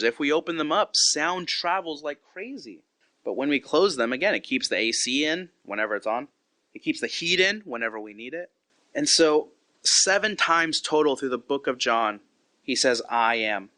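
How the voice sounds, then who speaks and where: A man's voice: on the high side, pushed and bright, dry recording. A man in his thirties giving an earnest, conversational Bible devotional as a podcast host, acting out quotes as he goes.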